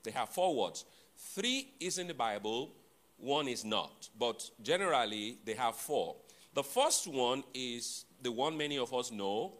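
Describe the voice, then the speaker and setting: A man preaching a sermon to his congregation, teaching deliberately, repeating and spelling out key words, with playful asides to the listeners. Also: medium pitch, lively intonation, a bit bright. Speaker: pastor.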